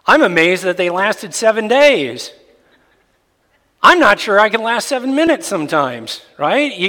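A man preaching a sermon as a pastor, animated and jokey, sometimes mimicking babble. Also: sits high. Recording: long reverb of a hall.

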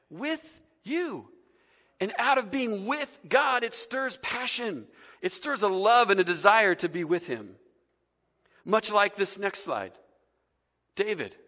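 A man preaches in a relaxed, conversational way, his voice bright and a little high. He pushes some phrases out loudly and drops others almost to a hush. The sound rings out with the long reverb of a large church hall. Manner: conversational, shifting between loud emphasis and soft near-whispers. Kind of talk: casual sermon.

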